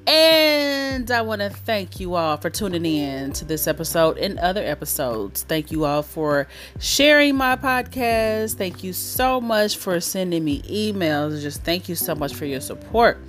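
A woman's voice: fairly low pitch, expressive, measured pace, fairly bright tone, soft background music. Chatty woman podcast host, candid. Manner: chatty, candid, swears freely, laughs easily. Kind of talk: casual chat.

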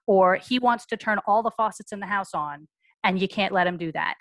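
Interviewed on a podcast, a mother in her forties or so describes what her family went through in a brisk, frank manner, voicing the people she quotes. Her pitch is medium and there's no echo.

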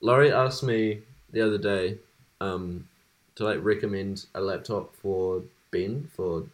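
A man's voice: low voice, unhurried. Young man rambling and laughing. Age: young adult. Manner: rambling, laughs often, swears casually. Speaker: podcast co-host. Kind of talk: casual chat.

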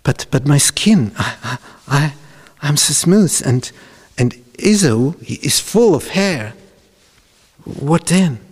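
Guy doing a jittery young fella who stutters over every word, voice pushed up high, lively ups and downs, big echoey hall. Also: slow pace, slightly rough, exaggerated voice. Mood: anxious. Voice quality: stammering, high-pitched. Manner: nervous and hesitant. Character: timid stammering young man Jacob.

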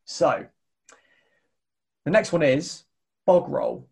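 A man's voice: fairly high pitch, animated, extremely slow, gravelly, a little mellow. A British man hosting a podcast in a casual chatty way, laughing often and repeating himself as he thinks. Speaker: podcast host.

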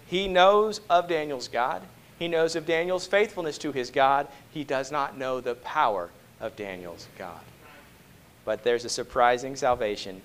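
A man preaching a sermon to a congregation, moving between hushed, slow passages and loud, emphatic ones and often asking rhetorical questions. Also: mid-range voice. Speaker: pastor.

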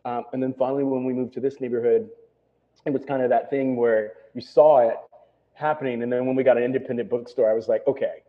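A man's voice: mid-range voice, steady tone, fast talker. Rambling man on a tinny phone line. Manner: rambling, full of "you know" and "right?". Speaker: restaurant owner. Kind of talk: casual interview talk.

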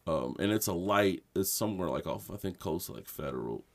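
A man's voice: sits low, brisk, vocal fry. A young man co-hosting a casual podcast, telling a story with lots of laughter and acted-out quotes. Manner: animated storyteller, laughing, acting out shouted quotes. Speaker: podcast co-host. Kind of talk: casual chat.

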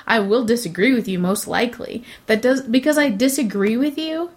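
A woman talks in a casual chat, sitting a little high in her range. She is opinionated and breaks into quoted voices to mimic other people. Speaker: co-host.

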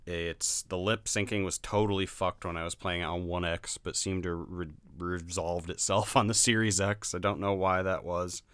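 Man, low and bright, blunt laughing game reviewer; crisp, dry close recording. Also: steady tone, normal speed, few pauses, dry recording. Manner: laughing, blunt, swears freely. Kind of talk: casual podcast chat.

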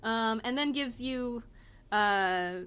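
A woman's voice: a little high, takes it slowly, fairly bright tone, a little hiss or hum. A woman narrating a tabletop role-playing game as game master, rambling with many fillers and restarts.

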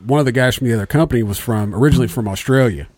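A man's voice: mid-range voice, very fast, darkish tone, dry recording. A man with an Indiana accent hosting a podcast in a studio, chatting loosely and swearing freely. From Indianapolis area, USA. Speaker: podcast host. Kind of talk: casual chat.

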